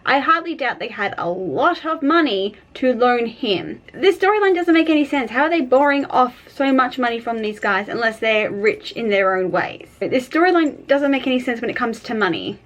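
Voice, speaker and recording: A woman's voice: a little high, expressive, normal speed, few pauses, a bit bright. Exasperated woman reacting to a show. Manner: exasperated, nitpicking, laughs at the show. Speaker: equestrian reaction host. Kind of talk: reaction commentary.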